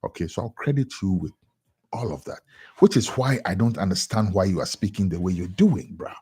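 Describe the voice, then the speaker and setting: A young Ghanaian man with a Ghanaian accent giving an animated editorial commentary on radio, often repeating words for emphasis. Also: on the low side, normal speed, husky.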